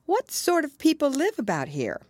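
A polite, curious storybook girl, as a woman reading aloud puts her on, earnest and a touch timid. Her lines rise well above the reader's low voice and bounce lively. The sound is close and dry. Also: normal speed, no room sound.

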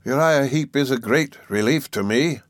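A man reading aloud, voicing a depressed older gentleman who speaks in a monotonous, forced way. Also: mid-range voice, moderate pace, no echo, clean studio sound, pitched above the performer's own voice, close to an everyday voice. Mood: dull.

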